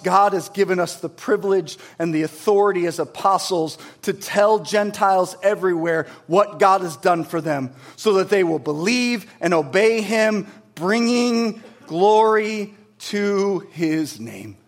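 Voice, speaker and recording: A man preaching a sermon in an earnest, conversational way, swinging between emphatic peaks and quiet low passages. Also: a little slow, hardly any pauses. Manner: conversational with tag questions and restarts. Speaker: pastor.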